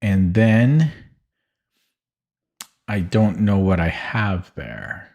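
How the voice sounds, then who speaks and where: A man streaming from his home office, calmly talking himself through chess puzzles in a slow, musing way. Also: deep voice. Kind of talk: thinking aloud while solving chess puzzles.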